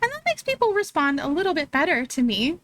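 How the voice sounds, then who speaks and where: A woman's voice: high-pitched, sing-song, fairly quick, a bit bright, a little hiss or hum. A young woman streaming, chatting casually with her viewers and laughing often as she reads chat aloud.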